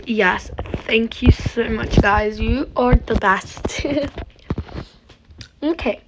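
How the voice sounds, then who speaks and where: Slow-talking woman with a higher voice. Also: very noisy. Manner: chatty and dramatic, talking to viewers. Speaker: gaming channel host. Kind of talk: casual gameplay commentary.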